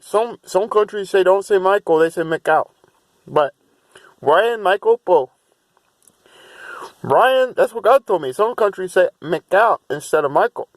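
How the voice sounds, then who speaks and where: A man's voice: high voice, no echo. A man talking to camera in a rambling vlog monologue, restarting and repeating himself, and at times chanting long runs of made-up syllables in a raised voice.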